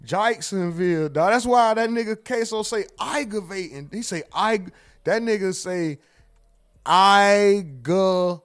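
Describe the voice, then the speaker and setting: A man hosting a livestream in casual chat, telling jokes and acting out exchanges with sudden loud outbursts, speaking. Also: sits high, moderate pace. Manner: animated joking storyteller, acts out exchanges with loud outbursts. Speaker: livestream host.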